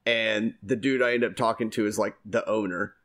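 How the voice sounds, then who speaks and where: A man with a lowish, fairly bright voice co-hosts a podcast, chatting casually at a moderate pace with fairly even intonation. He rambles through stories, swears freely, and laughs often.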